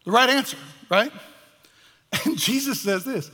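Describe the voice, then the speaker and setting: A man preaches a sermon, his voice high and bright. He talks animatedly and slips into the voices of the people in his story. The sound carries the long echo of a hall. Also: a little fast, breathy edge. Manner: animated, acts out voices of biblical figures. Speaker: pastor. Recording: echoey hall.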